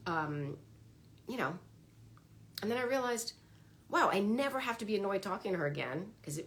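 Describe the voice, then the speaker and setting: A woman talking casually on a livestream about her own therapy experience, chatty and animated, acting out her inner dialogue. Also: medium pitch. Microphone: phone or webcam on a livestream.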